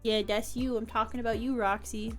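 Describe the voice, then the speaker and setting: Young woman streamer chatting at home, kinda high voice, answers chat a lot, laughs easy. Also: little pitch movement, a little fast, faint music behind. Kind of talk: casual live-stream chat.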